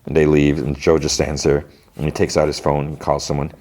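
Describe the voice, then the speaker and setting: A man's voice: extremely low pitch, monotone, brisk, darkish tone. A man hosting a podcast, chattily retelling a show's scenes in a casual recap. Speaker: podcast host.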